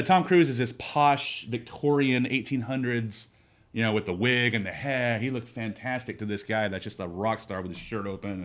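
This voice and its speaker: A man co-hosting a podcast, talking casually and with lots of opinions, often restarting his sentences. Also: mid-range voice. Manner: rambling, opinionated, animated with frequent restarts. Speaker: podcast co-host. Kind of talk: casual chat.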